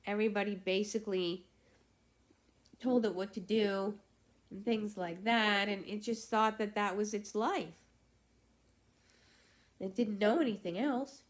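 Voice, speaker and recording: A woman hosting her own vlog, telling a story casually in a halting way with restarts. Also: medium pitch, fairly even intonation. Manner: halting, with many fillers and restarts. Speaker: vlog host.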